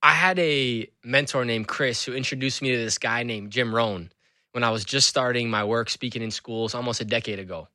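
A man's voice: mid-range voice, normal speed, dry recording, clean studio sound. A man who is an author and school speaker, telling stories animatedly as an interview guest. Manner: animated storyteller. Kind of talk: conversational interview.

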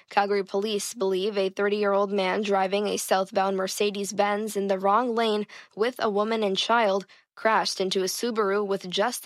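A woman anchoring a radio newscast in a measured, formal delivery. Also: medium pitch, dry recording, studio quality. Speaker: news anchor. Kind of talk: news reading. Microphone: studio mic.

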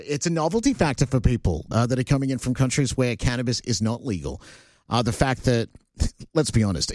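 A man's voice: medium pitch, darkish tone, dry recording, clean studio sound. A Canadian man hosting a talk radio show, blunt and sarcastic, ranting between filler words. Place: radio studio. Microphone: studio microphone.

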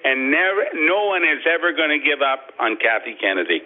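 A man's voice: a little high, big pitch swings, fairly quick. Man calling in over a tinny phone line. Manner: warm, praising, hesitant with fillers. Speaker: caller. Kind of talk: phone call to a radio show.

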